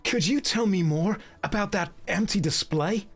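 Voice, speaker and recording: A man's voice: high-pitched, normal speed, soft background music, voice pushed up. A man voicing an eager young male anime-style hero in an earnest, upbeat, slightly raised delivery.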